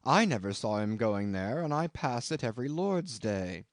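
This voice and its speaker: A man's voice: mid-range voice, very animated, moderate pace, dry recording, clean studio sound. A man voicing a stern, pious old ship owner with a hollow voice, speaking in archaic, scolding tones in a storybook reading.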